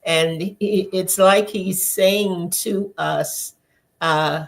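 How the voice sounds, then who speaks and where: A woman host speaking slowly and thoughtfully, repeating words as she thinks. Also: lowish voice, steady tone, gravelly. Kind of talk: reflective conversation.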